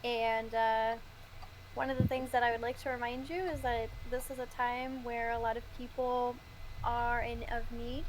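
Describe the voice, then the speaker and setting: Excitable woman player, noisy room. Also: a little high. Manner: loud, excitable outbursts. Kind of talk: casual chat.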